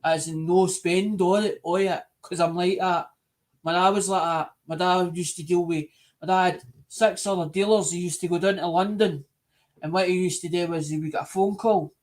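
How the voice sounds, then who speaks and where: High-voiced rambling Scottish man. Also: fairly even intonation, moderate pace. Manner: rambling, repeats himself, earnest. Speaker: live stream host. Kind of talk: casual live stream chat.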